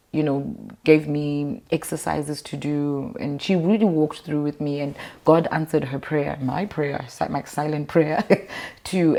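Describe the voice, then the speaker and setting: A woman's voice: sits low, vocal fry. A woman from Zimbabwe, chatting at home as an interview guest and animatedly telling stories about her life. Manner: animated, acts out quotes with lively voices. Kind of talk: casual storytelling chat.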